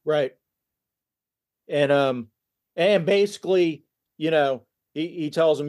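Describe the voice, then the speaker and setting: A man appearing as a podcast guest, calmly recounting a film's plot in casual conversation with frequent restarts. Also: a little high. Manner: relaxed, halting retelling with restarts. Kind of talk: casual film discussion.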